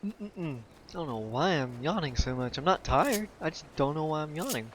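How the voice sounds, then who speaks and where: A man giving excitable, jokey let's play commentary while playing a video game. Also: a little high, normal speed, a little hiss or hum. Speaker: gamer.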